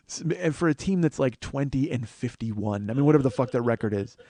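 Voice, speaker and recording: Animated swearing comedian telling a story. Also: male voice, mid-range voice, normal speed, dry recording. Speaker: comedian host. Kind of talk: comic storytelling monologue.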